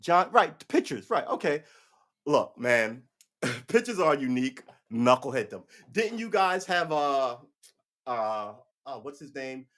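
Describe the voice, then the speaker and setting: This livestream host, a man in his forties, speaks a little slowly in a mid-range voice. His casual rant is animated and rambling, packed with swearing and restarts.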